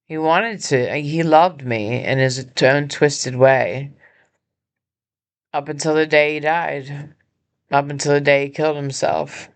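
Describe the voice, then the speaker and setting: A woman hosting her own podcast, speaking from a hospital room in an earnest, halting personal appeal, emotional and injured. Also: low voice, steady tone. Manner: earnest, halting, with many pauses and restarts. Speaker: podcast host and nonprofit founder.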